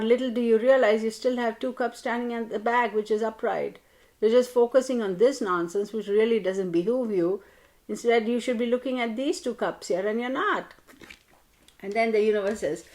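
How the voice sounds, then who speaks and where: A woman's voice: on the high side, moderate pace. Chatty woman reading tarot cards. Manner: animated, chatty, playfully scolding. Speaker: tarot reader. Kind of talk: casual tarot card reading to camera.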